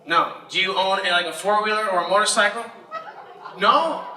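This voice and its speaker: A man's voice: sits high, normal speed. A young man performing a stand-up comedy set, telling punchy sarcastic stories and working the crowd. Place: comedy festival stage before a live audience. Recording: echoey live room, mic far off, noisy.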